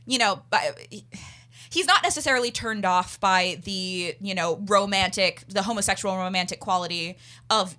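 Bright, bouncy woman podcast host. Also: mid-range voice, normal speed. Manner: rambling, animated, laughs often. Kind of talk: casual podcast review chat.

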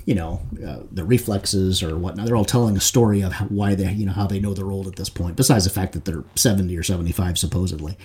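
A man with a low, mellow voice co-hosts a casual podcast chat. He tells stories in an animated way and breaks into laughter often. He sits close to a desk microphone. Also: fast talker, few pauses. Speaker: podcast co-host. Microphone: desk mic without boom, close to face.

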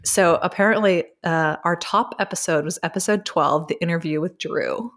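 A woman's voice: fairly low pitch, moderate pace, slight background noise. A young woman co-hosting a podcast, chatting casually with lots of "like" and "um". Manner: chatty, filler-heavy with frequent "like" and "um". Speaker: podcast co-host. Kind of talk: casual chat.

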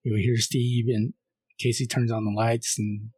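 A man co-hosting a film podcast, casually recapping a horror movie scene by scene and reading the caller's lines flatly. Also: mid-range voice, normal speed, breathy edge, dry recording. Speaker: podcast co-host.

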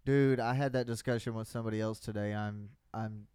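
A man's voice: lowish voice, fairly even intonation, brisk, darkish tone, smooth, dry recording, clean studio sound. Teasing man in podcast banter. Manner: teasing, stubborn, matter-of-fact. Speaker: podcast co-host.

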